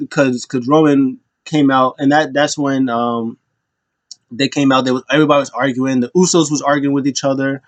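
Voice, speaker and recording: A man's voice: mid-range voice, fairly even intonation, brisk, no room sound. A man casually recapping wrestling events in a rambling, amused way, often laughing as he retells them. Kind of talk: casual chat.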